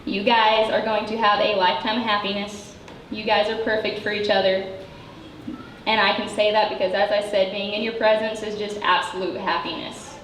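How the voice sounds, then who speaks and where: A woman giving an emotional wedding toast as the bride's best friend, halting and choked up at times. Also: mid-range voice, little pitch movement, fairly bright tone. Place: wedding reception room. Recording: echoey room with background noise.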